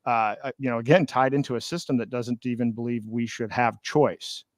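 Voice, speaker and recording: A man hosting a podcast interview, explaining his ideas in a measured way and sometimes restarting phrases. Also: mid-range voice, steady tone, no echo, studio quality. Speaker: podcast host. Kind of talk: conversational interview.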